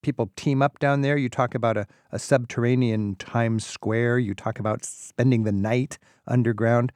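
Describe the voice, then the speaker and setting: A man's voice: mid-range voice, fairly even intonation, moderate pace, darkish tone, no echo, studio quality. Man hosting a radio travel show. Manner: scripted intro, then curious conversational questions. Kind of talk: radio interview.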